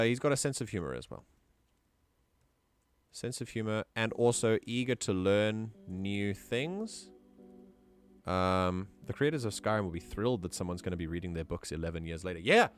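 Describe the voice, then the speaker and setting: A man's voice: fairly low pitch, expressive, normal speed. A man streaming, chatting casually and thinking aloud as he plans out a game character. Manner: musing aloud, easygoing. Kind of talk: casual livestream chat.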